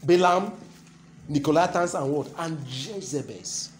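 A man's voice: a little high, measured pace, slight background noise. A man with a Nigerian accent preaching a sermon, calling and responding with his congregation and repeating key phrases for emphasis. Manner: call-and-response, keeps asking the crowd "what?" to complete his lines.

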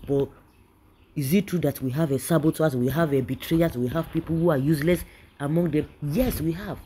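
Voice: medium pitch, a little fast, mellow, a little hiss or hum. A political commentator with a Nigerian accent, giving an indignant opinion rant that keeps circling back and repeating phrases.

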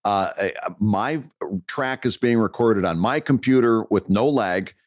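A man co-hosting a podcast in casual chat, encouraging and quick to laugh, explaining things patiently. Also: fairly low pitch, dry recording, studio quality. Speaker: podcast co-host. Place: home studio, recorded remotely.

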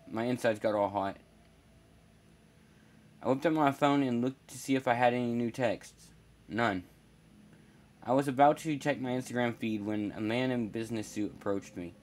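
Man, horror story narrator, first person, wry, plain, mid-pitched voice. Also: normal speed, a little mellow.

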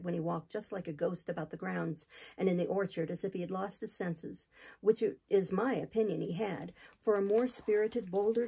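A woman's voice: mid-range voice, creaky, dark tone, husky, low-quality recording. A woman reader voicing a talkative, gossipy older male innkeeper who tells a long tale in a rambling, chatty way, for a classic novel audiobook.

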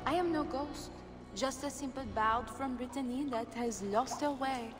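Lady doing a coy smuggler bard, playful and evasive, kinda high voice, game scene with music. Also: normal speed, close to an everyday voice. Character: sly woman smuggler bard, coy and teasing. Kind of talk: video game dialogue.

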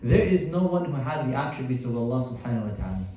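A man's voice: medium pitch, lively intonation, quick pace, mellow, far from the mic. Man teaching a class, echoey room. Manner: explains terms step by step, quizzing students. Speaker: Islamic teacher. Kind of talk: Quran tafsir class.

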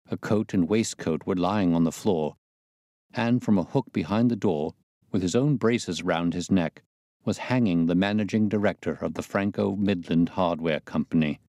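A man narrating a classic detective story in a measured, even reading manner. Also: low-pitched, no echo, studio quality. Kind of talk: audiobook narration.

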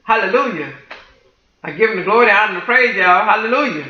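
A woman minister praying fervently and preaching to her listeners, repeating praises with deep emotion. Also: lively intonation, fast, pushed and bright. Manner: emotional, repetitive praise, addresses listeners as y'all. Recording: roomy, dull lo-fi sound.

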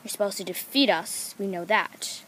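A woman voicing every figure in a homemade toy-figure story, excitable and giggly as she jumps between playful character voices. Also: medium pitch, normal speed, husky. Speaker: toy video creator voicing all figures.

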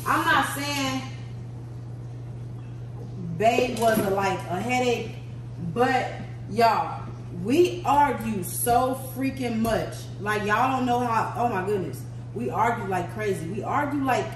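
A woman's voice: fairly high pitch, a little hiss or hum. A woman vlogger talking casually and candidly to her viewers, venting about her day. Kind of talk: casual vlog chat. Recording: echoey room, mic at a distance.

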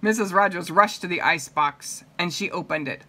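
A woman reading a picture book aloud to children, pausing to comment and ask them questions. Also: on the low side, bright, forceful tone. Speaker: reader.

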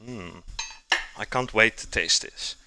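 A man's voice: lowish voice, takes it slowly, gravelly, noisy background. A man with a non-native accent who streams himself cooking live, rambling casually and answering chat messages as he works. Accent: non-native English accent.

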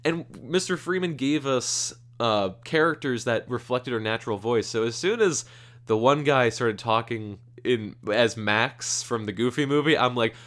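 Young man, vlogger, excitable, gushing, laughs a lot, trips over words, mid-pitched voice, condenser mic. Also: normal speed. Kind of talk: casual vlog chat. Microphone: USB condenser mic.

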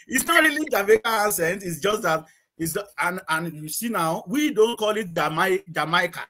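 A man's voice: high voice, expressive, normal speed, bright, forceful tone. A middle-aged man from Nigeria, a guest chatting casually in an interview, rambling, repeating words and laughing often.

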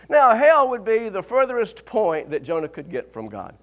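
Male pastor, high voice, animated sermon delivery, laughs mid-line. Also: moderate pace. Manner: animated preaching, rising to fervent peaks and dropping to quiet asides; laughs often mid-sentence.

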